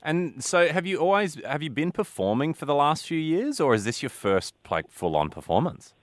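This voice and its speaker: A man's voice: fairly high pitch, big pitch swings, moderate pace, no echo. A male radio host chatting on a breakfast show, friendly and calling the guest "mate". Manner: friendly, calls people "mate".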